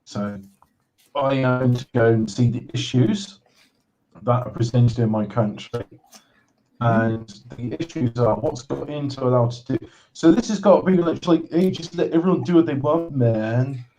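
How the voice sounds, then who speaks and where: A man hosts a casual livestream game show. He talks in halting bursts, full of restarts, and slips in deadpan sarcastic jokes. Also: mid-range voice, low-quality recording.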